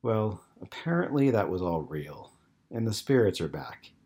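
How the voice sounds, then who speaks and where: A man reading the part of a troubled young man in his twenties, speaking slowly and earnestly in his own low, husky voice. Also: sing-song, mellow, exaggerated voice. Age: 20s.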